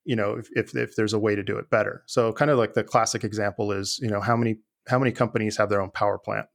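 A man being interviewed, talking in a relaxed, thoughtful way with many fillers and restarts. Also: lowish voice, fast, creaky. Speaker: guest, former IT leader. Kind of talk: conversational interview.

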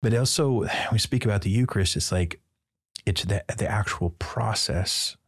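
A Midwestern American priest, a guest on a podcast, tells a personal story in casual conversation, acting out the dialogue and adding playful asides. He speaks at a normal speed with a fairly low-pitched voice.

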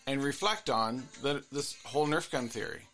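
At a moderate pace, a male couples therapist and podcast host reflects aloud on his own show, his earnest monologue looping back to earlier points. His mid-range voice is a little bright, with soft music playing in the background.

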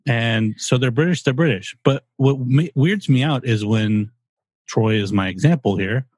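A man's voice: mid-range voice, moderate pace, a little mellow, no room sound. A man co-hosting a podcast, casual and blunt, voicing strong opinions with some swearing. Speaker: podcast co-host. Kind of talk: casual chat.

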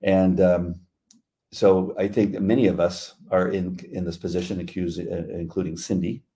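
A man's voice: deep voice, level tone, moderate pace, dark tone. A middle-aged man co-hosting a devotional chat, talking in an earnest, reflective way. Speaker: co-host.

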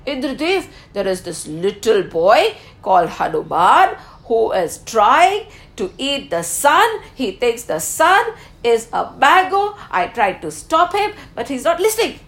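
A woman voicing a male demon urgently reporting a troublesome boy, in a high voice. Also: big pitch swings, measured pace, a bit bright, exaggerated voice. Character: scheming male demon tattling to a god.

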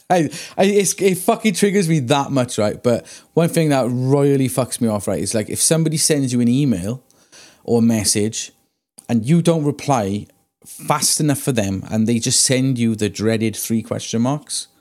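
A man, a tattooist and podcast co-host, telling stories in casual chat with lots of swearing and animated ranting. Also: medium pitch, normal speed.

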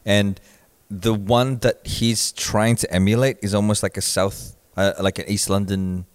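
A man's voice: fairly low pitch, little pitch movement, a little slow, clear, resonant tone, no room sound. A man co-hosting a podcast, chatting casually and rambling with frequent restarts. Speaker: podcast co-host. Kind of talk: casual chat.

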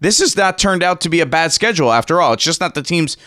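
A man hosting a sports radio show from a studio, energetic and rattling off stats and rankings. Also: a little high, fast, no room sound. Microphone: studio microphone.

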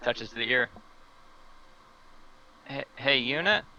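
Bright-voiced, stammering male player. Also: animated, slow, dull audio, slight background noise. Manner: hesitant, stammering, with sudden jumps in pitch. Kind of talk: playing his character in a tabletop game.

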